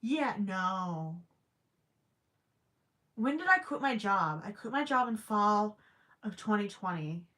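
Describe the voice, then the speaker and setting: Bright-voiced young woman chatting slowly. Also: medium pitch, big pitch swings. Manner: chatty, rambling, reads viewer comments aloud while crocheting. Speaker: crochet livestreamer. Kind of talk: casual livestream chat.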